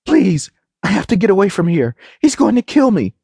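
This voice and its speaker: A man's voice: very animated, moderate pace, darkish tone, husky, no echo, clean studio sound. A man voicing a frantic young woman. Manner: pleading, high-strung. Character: frightened, hysterical young woman on the run.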